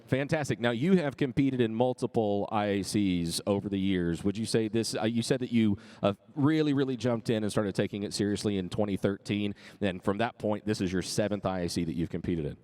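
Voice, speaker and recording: A man's voice: on the low side, fairly quick, few pauses, a little mellow. A man interviewing contestants at a live event stage, upbeat and chatty.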